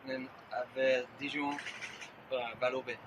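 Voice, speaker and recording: A British truck driver giving short, quiet answers in a casual exchange. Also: male voice, mid-range voice, flat delivery, a little slow, slight background noise, poor audio. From United Kingdom. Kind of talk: brief casual exchange in French.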